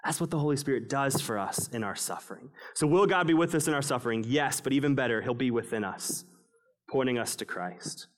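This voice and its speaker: A male pastor preaching a sermon, swinging between raised, emphatic passages and hushed, low ones. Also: lively intonation, brisk.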